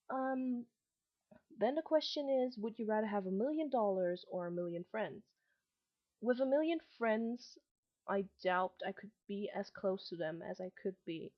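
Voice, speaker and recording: A woman's voice: medium pitch, lo-fi sound. A woman in her late teens who grew up between Germany and Malaysia, with a slight mixed German and Malaysian English accent, talking casually in a webcam vlog with lots of ums and restarts. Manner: rambling, many ums and restarts. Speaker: vlogger.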